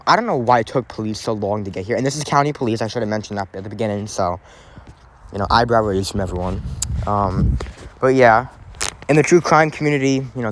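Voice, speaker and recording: A man's voice: medium pitch, slight background noise. A man hosting a casual true crime podcast, talking in a rambling way with lots of fillers and restarts.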